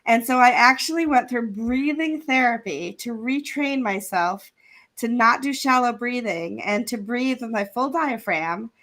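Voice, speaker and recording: A woman's voice: fairly high pitch, a little slow, a bit bright. Chatty woman hosting a live stream. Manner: chatty, laughs often, sponsor thank-yous. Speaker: event host. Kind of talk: casual live-stream chat. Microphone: remote video call.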